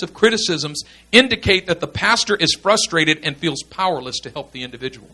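A man's voice: a little high, animated, a little fast, bright, forceful tone. A man teaching in a sermon style, earnest and emphatic, repeating his key points. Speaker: pastor teaching pastors.

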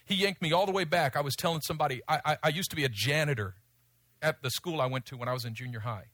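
A middle-aged man delivers a sermon in a high, bright voice. His preaching swings from loud pleas to quiet, low passages. The sound is close and dry. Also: fast, no echo.

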